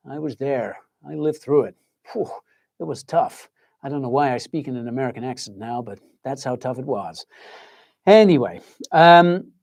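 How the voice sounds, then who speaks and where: A man's voice: mid-range voice, darkish tone, dry recording, studio quality. A man hosting a casual livestream, chatting in a rambling way and calling his viewers folks. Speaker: livestream host.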